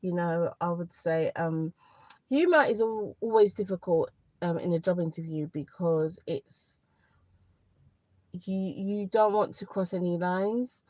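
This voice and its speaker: A woman with a lowish voice talks candidly to her live viewers and gives advice in a loose, rambling way, often saying things twice. The sound is dry and a little dull, like a phone or laptop mic on a stream. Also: unhurried, a little mellow, dry recording. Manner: candid, rambling, repeats herself. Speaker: career advice livestreamer. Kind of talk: casual live chat to viewers.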